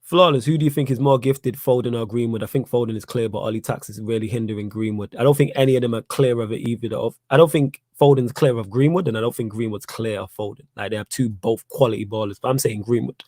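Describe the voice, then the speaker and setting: A young man from Manchester, England, hosts a fan channel's live Q&A stream, his Manchester accent clear in a fast, mellow, mid-range voice with few pauses and no echo. Blunt and repetitive, he gets worked up pushing his arguments.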